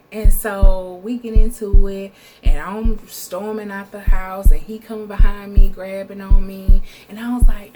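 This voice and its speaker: A young woman from Texas with a Southern US accent telling a casual storytime vlog, animated and profane, calling the viewer "girl", recorded on a phone. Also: mid-range voice, normal speed, few pauses, over music. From Texas, USA.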